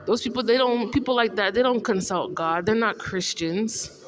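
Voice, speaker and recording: A woman's voice: mid-range voice, moderate pace, soft background music. A woman delivering an indignant, repetitive, confrontational monologue as a vlogger. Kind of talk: rambling monologue to camera.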